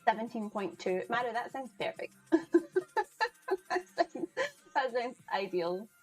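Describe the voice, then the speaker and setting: A woman's voice: fairly high pitch, expressive, a little slow, soft background music, rough recording. A woman hosting a live cooking stream, chatting casually with viewers and greeting them by name as she cooks. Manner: chatty, greets chat by name, laughs often. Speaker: livestream cooking host. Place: home kitchen.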